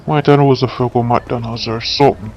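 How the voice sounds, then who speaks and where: A man's voice: fairly even intonation, fairly quick, muffled recording, faint music behind. A man with a Jamaican accent muttering and cursing through a comedic game skit voice-over. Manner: muttering, swears a lot, panics into high yelling. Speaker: skit narrator and game character.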